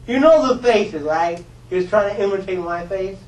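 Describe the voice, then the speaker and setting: A male performer playing an upbeat, joking man on stage, loud and animated. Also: sits high, normal speed, slight background noise. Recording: roomy hall, from far off.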